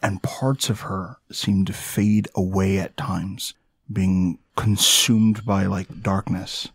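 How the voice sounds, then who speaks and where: A man narrating as game master of a tabletop horror game, slow and deliberate as he sets each scene. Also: low-pitched, fairly even intonation, slightly rough, no echo, studio quality.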